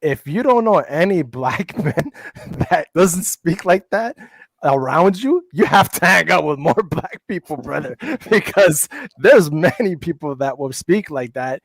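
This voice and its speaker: A man's voice: fairly high pitch, expressive, unhurried, vocal fry, dry recording. A middle-aged man speaking in a casual panel discussion, heated and profane, often restarting his sentences.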